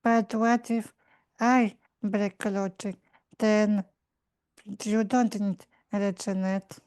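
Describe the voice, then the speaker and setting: A woman, an English speaker, playing a character in a tabletop game with halting, simple phrasing. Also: medium pitch, little pitch movement, a little mellow, clean tone. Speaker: player.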